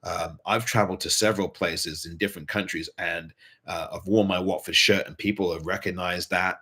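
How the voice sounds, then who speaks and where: A man's voice: low voice, steady tone, fairly quick, bright, forceful tone, slightly rough. A man hosting a fan show, giving earnest post-match commentary and repeating points for emphasis. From England.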